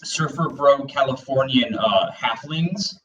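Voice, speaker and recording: A man's voice: mid-range voice, slow, fairly bright tone, far from the mic, a little hiss or hum, poor audio. A man co-hosting a casual world-building chat, rambling with lots of fillers and acting out little bits. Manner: rambling, full of "like" and "you know", acts out bits. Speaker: podcast co-host.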